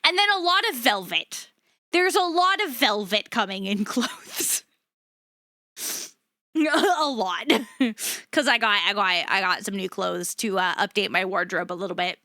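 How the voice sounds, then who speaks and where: A woman's voice: medium pitch, expressive, unhurried, sharp tone, no room sound, clean studio sound. A woman streaming live, chatting casually with her viewers, laughing often and swearing freely.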